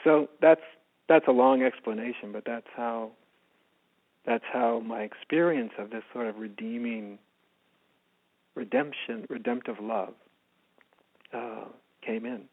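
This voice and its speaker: American guy telling a personal story, soft and hushed, mid-pitched, sounds like a phone line. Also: steady tone, unhurried, pauses often. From United States. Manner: soft-spoken, often drops to a hushed voice. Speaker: spiritual teacher, guest.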